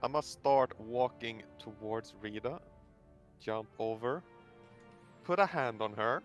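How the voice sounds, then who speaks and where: A man's voice: medium pitch, takes it slowly, soft background music. A man from Sweden playing a tabletop role-playing game, asking hesitant rules questions in casual chat. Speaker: player.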